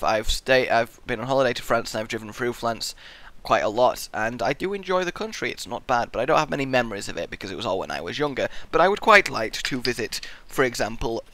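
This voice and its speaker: Bright, animated man goofing around. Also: medium pitch, brisk, no echo. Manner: goofy, animated, bursts into shouts and sound effects. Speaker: gaming YouTuber answering viewer questions. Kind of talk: casual Q&A vlog.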